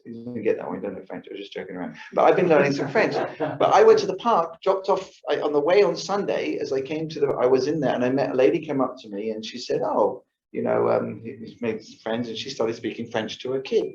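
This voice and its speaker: Fast and with few pauses, a man with a mid-range, darkish voice, lively intonation, and vocal fry gives a chatty lifestyle talk to a yoga class. He dramatizes his own thoughts and regularly checks in with "right?" The yoga studio recording is roomy and dull in a lo-fi way.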